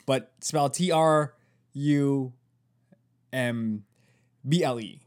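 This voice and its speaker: A man co-hosting a podcast, joking around with wordplay in casual chat, often pausing with fillers. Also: mid-range voice, clean tone. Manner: jokey, wordplay, hesitant fillers. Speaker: podcast co-host.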